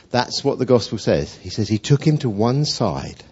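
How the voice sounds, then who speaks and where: A man preaching a lively storytelling sermon, chatty, acting out the voices of the people in his story. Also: mid-range voice, normal speed, hardly any pauses, breathy edge. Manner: animated, acts out voices of figures, conversational. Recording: dull lo-fi recording.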